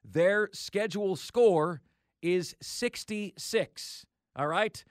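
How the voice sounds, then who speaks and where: A man's voice: sits high, drawn-out words. A man hosting a sports talk show, emphatically rattling off schedules with mock disbelief.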